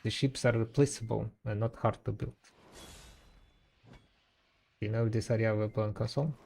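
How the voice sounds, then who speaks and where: A man's voice: lowish voice, fairly even intonation, moderate pace, vocal fry, a little mellow. A man streaming a game live, chatting casually and answering his viewers. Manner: chatty, answers viewers' chat between play. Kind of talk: casual live-stream chat while gaming.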